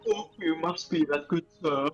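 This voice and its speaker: A man's voice: a little high, huge pitch swings, measured pace, dull audio, soft background music, exaggerated voice. A man voicing a stern elderly woman from a village, formal and scolding, calling the listener "good sir" again and again.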